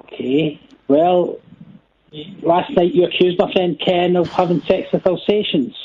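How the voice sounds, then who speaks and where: A male caller with a husky, slightly raised voice that comes through a tinny phone line. He sounds polite and hesitant as he airs a complaint. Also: sits high, fairly even intonation, unhurried.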